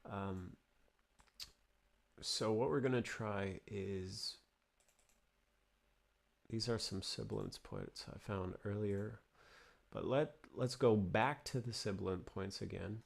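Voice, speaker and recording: Gravelly low-voiced man teaching mixing. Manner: thinking aloud, halting with restarts while working. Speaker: music production tutor. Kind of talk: casual screen-recorded tutorial. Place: home studio.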